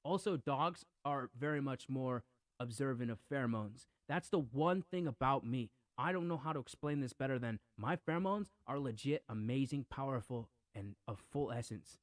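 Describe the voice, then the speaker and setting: A man rambles through casual podcast talk, stressing words and repeating himself in an earnest, brooding way. His voice sits somewhat high for a man. The room sound is dry and close. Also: dry recording. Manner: rambling, emphatic, repeats "literally".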